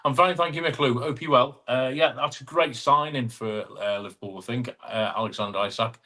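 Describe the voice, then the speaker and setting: A man, hosting a casual live chat. His voice sits at an ordinary middle pitch while he greets viewers by name and teases them in friendly banter. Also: a little fast, pushed and bright. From England (Chester). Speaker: live-stream host.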